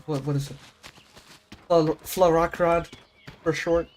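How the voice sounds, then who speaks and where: Speaking slowly and flatly in a somewhat high voice, a young American man chats casually on a game live stream. He rambles and questions himself as he plays, trying to sound out German words.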